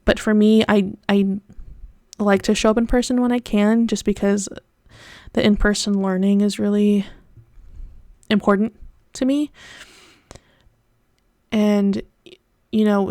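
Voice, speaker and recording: A woman's voice: medium pitch, steady tone, a little slow, long pauses, mellow, no room sound, studio quality. A young adult woman hosting her podcast, talking in a candid, rambling and tangential personal monologue. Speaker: podcast host.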